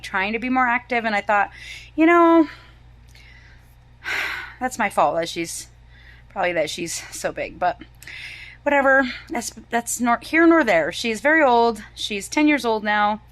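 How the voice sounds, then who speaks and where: A woman in her fifties vlogging about her day in a casual, chatty, animated way. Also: medium pitch, no echo. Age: 50s.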